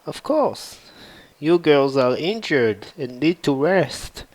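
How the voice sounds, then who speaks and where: A man voicing a kind, generous male farmer who speaks gently and a bit hesitantly. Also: fairly high pitch, sing-song, takes it slowly, no room sound, poor audio.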